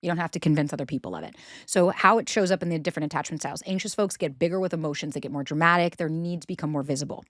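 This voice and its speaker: A woman hosting a podcast, talking through relationship advice in a casual, animated way and acting out quoted voices. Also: low-pitched, very fast, no room sound, studio quality. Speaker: podcast host.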